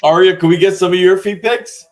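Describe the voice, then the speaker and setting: Male stream host, a touch high-pitched, energetic and slangy. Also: a little fast. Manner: hyped, slangy, loud shout-outs. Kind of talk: casual live-stream chat.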